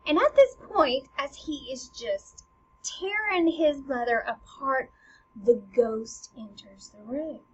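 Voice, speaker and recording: A woman casually explaining a play scene by scene, paraphrasing it in lively everyday slang. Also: high voice, slow. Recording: slightly dull lo-fi recording with faint noise.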